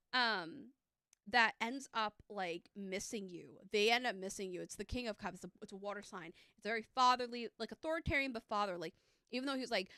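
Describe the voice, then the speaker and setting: Chatty bright-voiced woman reading tarot. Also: fairly high pitch, clear, resonant tone, no room sound, studio quality. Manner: chatty and upbeat, many fillers. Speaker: tarot reader and streamer. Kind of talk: live tarot reading chat.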